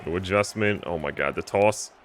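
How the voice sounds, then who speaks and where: A man commentating his own video game playthrough, jokey and excitable, switching between loud outbursts and low mutters. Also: moderate pace. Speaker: gaming YouTuber.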